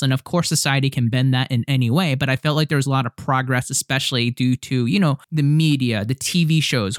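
A young man co-hosting a podcast, telling stories in an animated way and acting out other people's lines. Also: mid-range voice, no echo, clean studio sound. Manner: animated storyteller, acts out friends' voices. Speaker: podcast co-host. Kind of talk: casual podcast chat.

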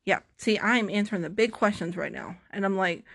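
A woman's voice: mid-range voice, brisk, creaky, hardly any pauses, a bit bright. Young woman vlogging, goofy dramatic storytelling, keeps restarting and poking fun at herself. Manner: self-mocking, dramatic, rambling with restarts. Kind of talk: casual storytelling to camera.

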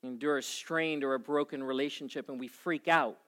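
A man in his forties preaching a sermon to a congregation, telling a personal story with animated swings in energy. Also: mid-range voice, brisk. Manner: animated storytelling, acting out his own panic. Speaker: pastor.

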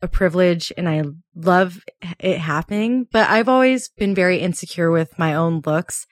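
A woman in her late twenties, chatting casually as a podcast co-host. She laughs often and acts out quotes in a higher voice. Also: normal speed, dry recording, clean studio sound. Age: 20s. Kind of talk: casual chat.

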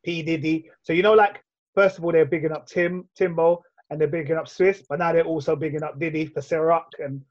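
Animated lad hosting. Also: male voice, a little high, a little fast, lo-fi sound. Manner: animated storytelling, London slang. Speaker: podcast host. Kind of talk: casual chat.

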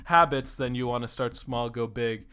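A young man hosting a solo podcast who talks in an excited, rambling way, swears freely and fills his talk with "like". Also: mid-range voice, moderate pace, clear, resonant tone. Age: young adult. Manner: excitable, rambling, swears a lot, says "like" often. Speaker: podcast host. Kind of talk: casual solo podcast monologue.

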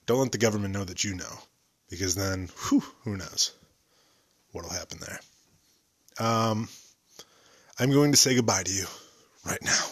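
A man's voice: lowish voice, normal speed, long pauses, a bit bright. A young man hosting a solo podcast, rambling and joking about himself. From United States. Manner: joking, rambling, self-deprecating. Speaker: podcast host.

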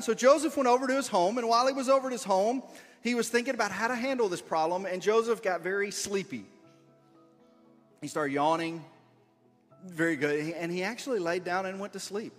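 A man's voice: high voice, a little fast, long reverb tail, soft background music. A man wearing a body mic reads a story aloud and playfully coaches volunteers who act it out. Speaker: leader of a children's skit. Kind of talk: reading a story aloud while directing volunteers.

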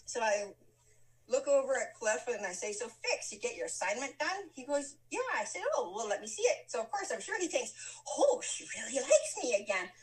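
A woman's voice: fairly high pitch, brisk. A woman telling a personal story in a casual chat, laughing often and acting out the lines of people in it. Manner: lively, laughs often, acts out quoted lines. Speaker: guest telling a life story. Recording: voice from a distant mic.

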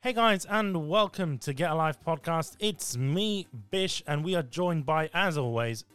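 A man's voice: fairly high pitch, lively intonation, unhurried, a bit bright, faint music behind. A man hosting a casual gaming podcast, chatty and loose, swearing now and then. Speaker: podcast host.

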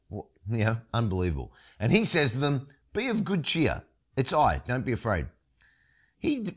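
Animated male preacher. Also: medium pitch. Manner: expressive, emphatic storytelling. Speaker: pastor. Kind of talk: sermon.

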